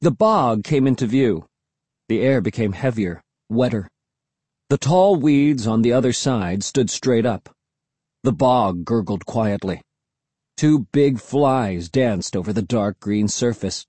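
A man narrating a children's audiobook with expressive storytelling. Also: medium pitch, takes it slowly, husky, dry recording.

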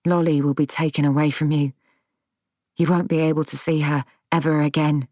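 A woman's voice: flat delivery, moderate pace, no echo, close to an everyday voice. A woman reading a cold, clipped woman. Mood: hushed. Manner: clipped, low and soft, at times whispering. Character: calm, cold young woman, quietly persuasive.

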